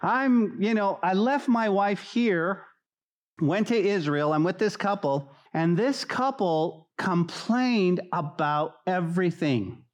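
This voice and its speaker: Animated casual preaching man. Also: high-pitched, takes it slowly. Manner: animated preaching, acts out dialogue voices; casual slang-laced delivery. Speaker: pastor. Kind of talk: sermon.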